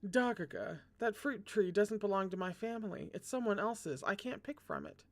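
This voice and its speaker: A reader voicing a timid but stubborn little girl in a read-aloud novel, soft and quivering. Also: medium pitch, lively intonation, normal speed, pitched above the performer's own voice, close to an everyday voice.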